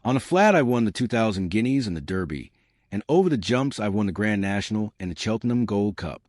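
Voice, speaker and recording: A man's voice: lowish voice, big pitch swings, fairly quick, darkish tone, no echo, clean studio sound. A man voicing a proud, boastful racehorse in a pub joke.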